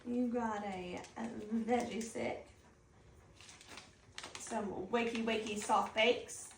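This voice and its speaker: A woman's voice: fairly high pitch, steady tone, slow. A woman talking in a coaxing, sing-song baby talk to her pet dog at home, recorded from a distance in an echoey room with background noise. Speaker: dog owner.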